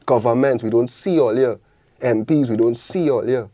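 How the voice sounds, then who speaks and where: A man's voice: mid-range voice, moderate pace, dark tone, no room sound. A young man with a Trinidadian accent, speaking passionately and repeating his points in a radio studio interview. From Trinidad and Tobago. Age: young adult. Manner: passionate, preachy, repetitive rallying calls. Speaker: guest artist.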